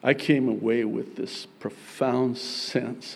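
A man preaching a sermon as pastor, earnest, moving between soft passages and emphatic ones. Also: lowish voice, measured pace, a little hiss or hum.

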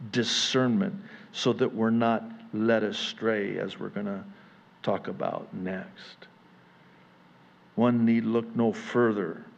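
A male pastor preaching a sermon at a church service, building to near-yelling intensity before settling back into a conversational tone. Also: mid-range voice, lo-fi sound.

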